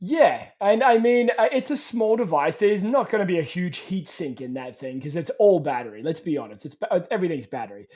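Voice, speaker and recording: A man's voice: sits high, lively intonation, fairly quick, hardly any pauses, a little mellow. A man hosting a tech podcast, chatting casually and agreeing often. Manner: agreeable, lots of "yeah". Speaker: podcast host.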